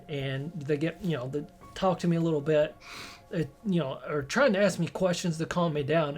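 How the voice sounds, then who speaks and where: A young man candidly recounting a personal story to camera, rambling and emotional, often restarting his sentences. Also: fairly high pitch. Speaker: vlogger.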